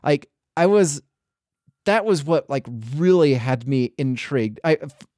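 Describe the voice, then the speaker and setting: A man talks casually on a podcast, circling around his points with false starts and hedges. His voice sits a little higher than most men's. The recording is dry, with no room sound. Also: lively intonation, measured pace, a little mellow, no echo. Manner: rambling, full of restarts and hedges. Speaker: podcast host.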